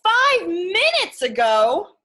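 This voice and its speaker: A woman voicing a cautious, anxious male elephant in a storybook reading, with a slow, worried, drawn-out delivery. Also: high-pitched, sing-song, a bit bright, slightly rough, exaggerated voice. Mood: puzzled.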